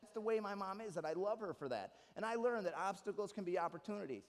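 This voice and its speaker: A young man works a live audience with stand-up comedy, his voice riding high and bright. He tells stories with quick asides and jokey turns. A long reverb from the hall trails behind every line. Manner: animated, jokey storytelling with asides. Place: live stage in a large hall.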